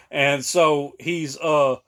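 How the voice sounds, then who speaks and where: A man's voice: on the high side, steady tone, extremely slow, bright, forceful tone. A man, co-hosting a podcast in casual chat, rambling with many fillers and laughing often. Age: late 30s. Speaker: podcast co-host.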